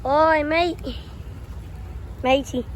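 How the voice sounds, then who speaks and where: A woman doing a loud, goofy mock-Australian train spotter who keeps calling out over and over, pitched high above her own voice. The voice is recorded outdoors with steady rain hissing behind it. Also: drawn-out words. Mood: rowdy. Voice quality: loud, repeats "oi, mate". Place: outdoors by a railway crossing in the rain. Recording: outdoors with heavy rain noise.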